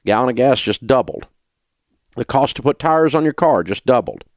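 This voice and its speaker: A man's voice: medium pitch, expressive, normal speed, dry recording, studio quality. A middle-aged man hosting a talk radio show, ranting in an indignant, sarcastic way. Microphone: studio mic.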